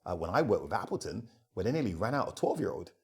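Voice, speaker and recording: A middle-aged man, a rum ambassador, talking as a guest in a conversational interview, telling animated stories and laughing often. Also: sits low, fast talker, vocal fry. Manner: animated storyteller who acts out dialogue and laughs often.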